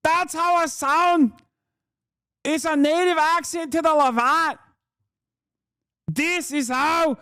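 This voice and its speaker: A man putting on a screechy Scottish woman pundit who stretches every word out slow and high, mocking and shrill. The voice sits far above a normal man's range and sounds clean and close, with no room around it. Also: a bit bright, no echo, exaggerated voice. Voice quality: shrill, drawn-out. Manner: mocking impression.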